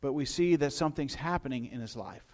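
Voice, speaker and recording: A man's voice: medium pitch, expressive, fairly quick, a little mellow. A middle-aged male pastor preaching a sermon in a conversational storytelling way, with asides to his listeners.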